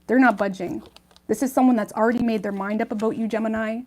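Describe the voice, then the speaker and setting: A woman's voice: fairly high pitch, fairly even intonation, quick pace, a little mellow. A woman giving a casual tarot reading to her viewers, chatty and reassuring, often checking in with "okay?" and "right?". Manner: chatty, reassuring, many ums and okays. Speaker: tarot reader.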